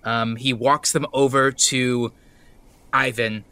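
Male player, rambling narration; bright voice, dry mic. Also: medium pitch, a little slow, no room sound. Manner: rambling, filler-heavy. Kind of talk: describing his character's actions.

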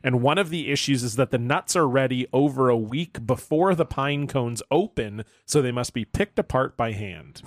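A man's voice: medium pitch, expressive, moderate pace, few pauses, no echo. A man from Canada co-hosting a podcast, chatting casually with a dry, teasing manner. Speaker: podcast co-host. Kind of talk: casual chat.

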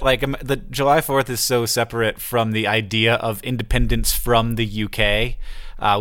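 A middle-aged man from the United States hosts a relaxed podcast chat, his pitch sitting in a middle range. He talks in a wry, joking way and stays easygoing. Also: dry recording, clean studio sound. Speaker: podcast host.

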